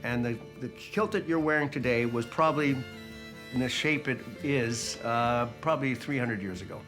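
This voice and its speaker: A man interviewed as a bagpiper, explaining history in a relaxed, storytelling manner with a middle-pitched voice. Faint guitar music drifts under his words. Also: normal speed. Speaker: bagpiper and guest.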